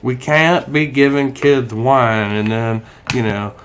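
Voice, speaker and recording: A drawling evangelical preacher with a put-on Southern US accent, as a man mocks him. He speaks slowly, with a sarcastic bite. His voice sits at a middling pitch for a man. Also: fairly bright tone. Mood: mocking.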